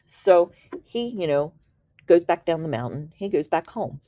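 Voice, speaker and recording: A woman's voice: low voice, sing-song, measured pace, dark tone, no echo, clean studio sound. A woman telling a story in a casual, slangy and enthusiastic way, laughing now and then as she explains. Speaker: Reiki teacher.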